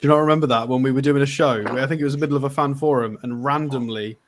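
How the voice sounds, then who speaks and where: A man's voice: medium pitch, quick pace, slight background noise. Dry-humoured man co-hosting a web chat. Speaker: co-host. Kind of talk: casual online panel chat.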